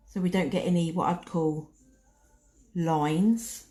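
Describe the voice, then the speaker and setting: A woman's voice: on the low side, fairly even intonation, slow, warm tone. A woman giving a chatty, casual nail art tutorial, talking herself through each step as she paints. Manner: chatty, talks to herself while working.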